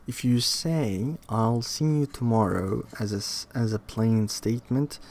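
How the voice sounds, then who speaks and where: A man reading a linguistics textbook aloud, halting and restarting, with muttered asides to himself. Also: fairly low pitch, darkish tone, a little hiss or hum. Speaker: reader studying a textbook.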